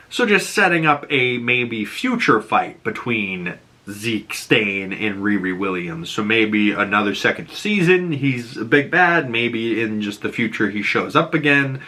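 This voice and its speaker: A man with a bright voice talks through a TV episode as a casual recap host. He keeps it chatty and loose, piling on fillers and laughing at the lines he quotes. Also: fairly low pitch, big pitch swings, measured pace. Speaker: reaction and breakdown host.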